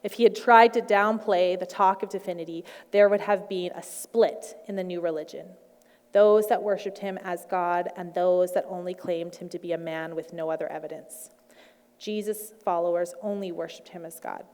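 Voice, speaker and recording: A woman's voice: lowish voice, fairly even intonation, normal speed, a little mellow, long reverb tail. A woman preaching a sermon in a conversational way, with playful asides.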